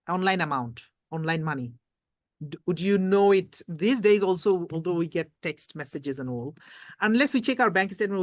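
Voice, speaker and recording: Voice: mid-range voice, dry recording. Patient accounting tutor, dry close sound. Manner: reads questions aloud slowly, quizzes and repeats points. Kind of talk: exam revision lecture.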